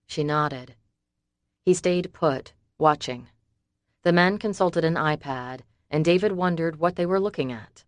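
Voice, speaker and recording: A woman narrating an audiobook in an even, measured reading. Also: sits low, dry recording. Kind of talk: scripted narration.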